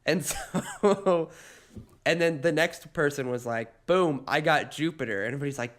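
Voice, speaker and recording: A man with a fairly high voice that swings widely in pitch, co-hosting a comedic podcast chat. He tells playful stories and breaks into laughter partway through his sentences. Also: unhurried. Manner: animated, laughs often mid-sentence; playful storytelling. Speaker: podcast co-host.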